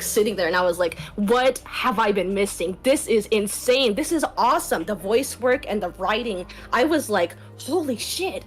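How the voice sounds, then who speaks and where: A woman's voice: mid-range voice, low-quality recording. A woman who does voice acting, chatting on a livestream call, gushing and emotional, close to tears. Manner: gushing, emotional, quick and giggly. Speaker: voice actor guest. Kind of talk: casual chat on a livestream call. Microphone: home microphone, records in a closet.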